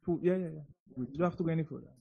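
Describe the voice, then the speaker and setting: A man's voice: a little high, racing, creaky, narrow, tinny audio. A man co-hosting a live gala who jokes, chimes in and quizzes his partner about the evening's program. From Saint Lucia. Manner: jokey, eager interjections about food. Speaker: event co-host. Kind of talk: casual live event hosting banter.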